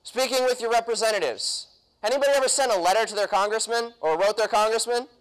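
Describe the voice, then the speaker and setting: Young guy speaking at a convention, highish smooth voice, keeps firing questions at the crowd. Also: fast, a bit bright, rough recording. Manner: punchy, quizzes the audience, mimics politicians. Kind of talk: political talk to a live audience. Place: convention hall.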